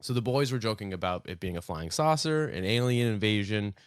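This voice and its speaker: A man's voice: lowish voice, animated, a little fast, smooth, no room sound, clean studio sound. A young man hosting a casual podcast, joking, swearing and rambling with lots of fillers. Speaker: podcast host.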